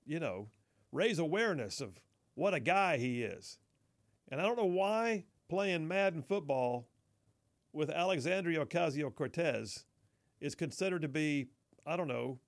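A man hosting a talk radio show, chatting wryly, reading listener texts and laughing along. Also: on the high side. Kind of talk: casual talk radio commentary.

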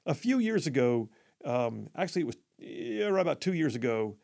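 Gravelly talk radio host. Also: male voice, mid-range voice, sing-song, moderate pace, darkish tone. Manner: rambling, many fillers and restarts. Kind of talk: live talk radio monologue.

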